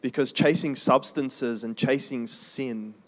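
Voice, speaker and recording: A man preaching a testimony sermon in a conversational storytelling way, slowing down for emphasis. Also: medium pitch, steady tone. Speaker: preacher sharing his testimony.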